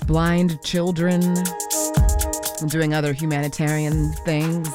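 A woman's voice: sits low, little pitch movement, takes it slowly, over loud music. Easygoing woman radio DJ. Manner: easygoing, loose, with fillers and self-corrections. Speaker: radio DJ host. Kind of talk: casual on-air chat and pledge drive appeal. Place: radio studio.

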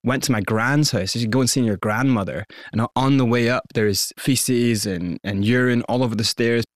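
A man with a Scottish accent, candidly recounting his past as an interview guest in a lively, conversational way. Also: mid-range voice, moderate pace, dry recording. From South Africa and Scotland. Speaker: interview guest, former hip-hop performer. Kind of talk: conversational storytelling.

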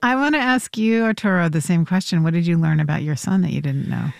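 A woman's voice: fairly low pitch, fast, gravelly, no room sound, studio quality. A woman hosting a radio interview, asking short, attentive questions. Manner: attentive, brief reactions. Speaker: radio host.

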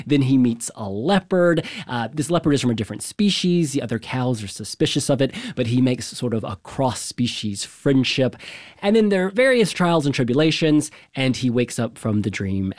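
A man's voice: mid-range voice, a little mellow, dry recording, clean studio sound. A man, a guest reporter, explaining in a playful, joking conversational manner.

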